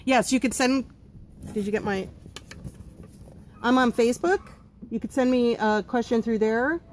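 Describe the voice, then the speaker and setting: A woman's voice: fairly high pitch, a little hiss or hum. Blunt, chatty woman live-stream host. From not from Pennsylvania. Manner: blunt, chatty, frequent ums. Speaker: home baking business host. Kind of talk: live-stream chat answering viewer comments.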